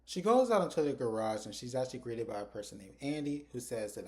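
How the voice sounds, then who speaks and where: A man's voice: mid-range voice, big pitch swings, fast, a little mellow. A man talking into his phone camera in a chatty, casual recap of a TV episode, retelling scenes by quoting the characters. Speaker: TV episode reviewer.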